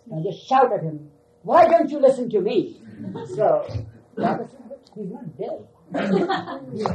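Older male storyteller, mellow and dark tone, relaxed reminiscing talk. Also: on the high side, a little hiss or hum, low-quality recording. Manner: unhurried, repeats "you see" often. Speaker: storyteller recalling his teacher.

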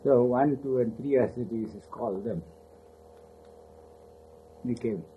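A man's voice: medium pitch, slow, a little hiss or hum. An older man casually recounting memories of his spiritual teacher, rambling, laughing often and acting out the voices he quotes. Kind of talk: casual spoken reminiscence. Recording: muffled lo-fi recording.

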